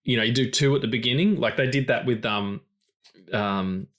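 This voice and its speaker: On a film podcast, a male co-host from outside his partner's country speaks at normal speed in a mid-range, fairly bright voice. He chats casually, swearing and wandering off onto one tangent after another.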